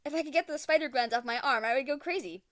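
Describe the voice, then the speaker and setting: A young woman with a high voice hosts a home podcast, recorded close and dry. She reads a garbled story with theatrical emphasis, and in chat she trails off with fillers and restarts. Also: fast talker, fairly bright tone, no room sound. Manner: dramatic reading with quoted lines in raised voice. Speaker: podcast host. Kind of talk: reading a garbled translated story aloud.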